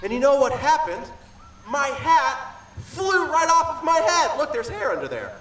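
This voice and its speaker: Playful kids' entertainer, man, lively sing-song delivery, distant roomy outdoor stage with faint music. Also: very high voice, moderate pace. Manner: playful, animated, makes sound effects. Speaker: children's entertainer. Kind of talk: interactive storytelling for kids. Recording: echoey outdoor stage, far from the mic.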